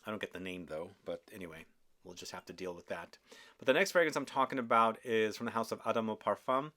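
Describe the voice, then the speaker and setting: A man's voice: fairly low pitch, fast, sharp tone. A man hosting a casual perfume review, talking with enthusiasm and often asking viewers questions. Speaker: fragrance reviewer.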